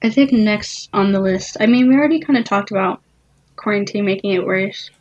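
A woman's voice: medium pitch, brisk, dull audio. A young woman hosting a casual chat, rambling with lots of fillers and giggles. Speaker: host.

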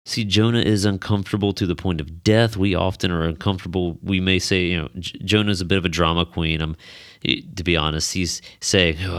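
Low-voiced man teaching scripture. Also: a bit bright, no room sound, studio quality. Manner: conversational, emphatic, repeats key words. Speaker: Bible teacher. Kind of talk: podcast Bible teaching.

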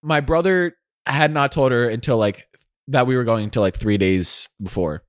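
A young man co-hosting a podcast and telling a story in an easy, casual way, now and then slipping into other people's voices. His voice sits at an ordinary pitch and is recorded dry and close to the mic. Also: moderate pace, no echo. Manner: storytelling, acts out family members' lines. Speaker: co-host.

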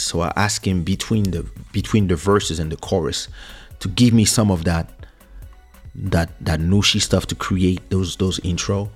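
This French man, low-pitched and slightly rough, hosts a podcast and loosely tells a memory from his music career. Recalling the details, he frequently restarts and repeats himself.

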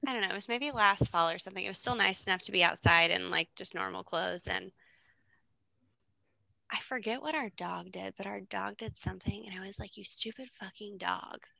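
Thirties mom, casual co-host, a gravelly edge, bright, self-mocking storyteller. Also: female voice, mid-range voice, fairly quick, no echo, low-quality recording. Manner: storytelling, self-mocking, quotes her son. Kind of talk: casual chat.

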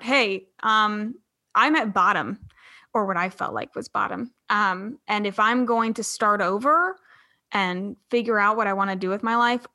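Young woman in her twenties, interview guest; bright, forceful tone, candid and rambling. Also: medium pitch. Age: 20s. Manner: candid, rambling, fast with many restarts. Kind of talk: casual storytelling interview.

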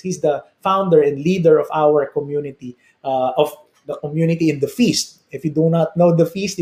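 Man, Filipino accent, preacher, energetic sermon delivery, repeats key lines, roomy echo. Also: a little high. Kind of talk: sermon-style motivational talk.

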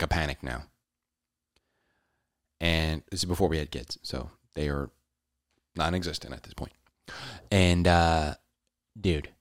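A man telling a personal story in a casual, animated way, often saying "dude". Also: low-pitched, no echo, studio quality. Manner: animated, says "dude" a lot.

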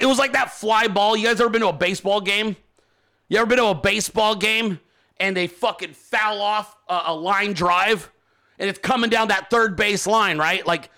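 A man's voice: sits high, pushed and bright. A man hosting a political commentary show, ranting and mocking with heavy swearing. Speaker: show host.

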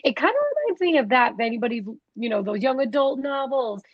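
Young woman, podcast co-host, chatty, husky, dry dull lo-fi sound. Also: on the high side, no echo. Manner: chatty, laughs often, quick asides. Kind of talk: casual chat.

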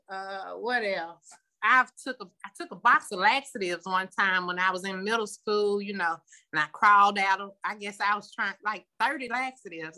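A woman giving a candid, rambling personal share at a recovery meeting over a phone video call, with many pauses and ums. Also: medium pitch, bright, forceful tone. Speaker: meeting member sharing.

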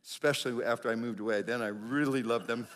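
A middle-aged man preaching, a pastor telling a lively personal story in sermon style. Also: fast. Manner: animated storyteller, acts out quotes with big pitch jumps.

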